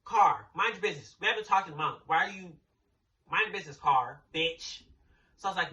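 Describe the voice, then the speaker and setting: A man's voice: high-pitched, brisk, bright, forceful tone, far from the mic, rough recording. A young man telling a storytime in a blunt, sassy way, swearing freely. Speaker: storytime vlogger. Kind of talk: casual storytime.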